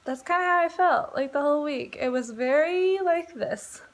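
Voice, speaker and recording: Young pregnant woman vlogger, chatty and rambling, laughs a lot, voice sits a bit high. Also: normal speed. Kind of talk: casual chat.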